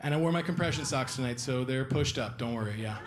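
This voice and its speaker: A young man performing a stand-up comedy set live on stage, animated and acting out shrill impressions of his girlfriend. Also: quick pace, very noisy. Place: theater stage before a live audience. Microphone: stage microphone. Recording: live stage recording with audience laughter. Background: audience laughter and applause.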